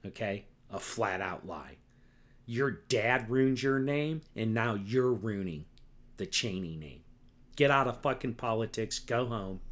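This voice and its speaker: A man's voice: on the low side, fairly bright tone. A middle-aged man hosting a solo podcast, ranting angrily and with lots of profanity, often tagging his points with "right?" and "okay?". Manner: repetitive, keeps asking "right?" and "okay?". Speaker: podcast host.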